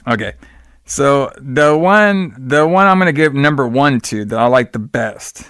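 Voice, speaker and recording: A man's voice: medium pitch, expressive, unhurried, a bit bright, clean tone, no room sound. A man hosting a podcast, recapping a horror movie in casual, rambling, slangy chat and acting out quotes in exaggerated voices. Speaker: podcast host.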